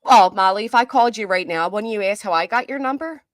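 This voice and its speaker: A woman's voice: medium pitch, lively intonation, fast, dry recording, clean studio sound. A woman doing live reaction commentary, chatty and reading viewer comments aloud. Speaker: commentary streamer.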